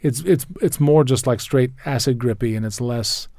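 A man's voice: mid-range voice, moderate pace, darkish tone, no echo. A man talking food and wine pairings in a casual chat, enthusiastic and rambling, often restarting his sentences and spelling out wine names. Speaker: wine expert guest.

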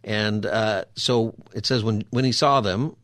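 A man's voice: on the low side, a little slow, fairly bright tone, no room sound, clean studio sound. A man hosting a show and giving a conversational Bible teaching, explaining scripture in an easy, chatty way with frequent rhetorical asides to the listener. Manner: chatty, asks rhetorical 'right?' and 'you know?' asides.

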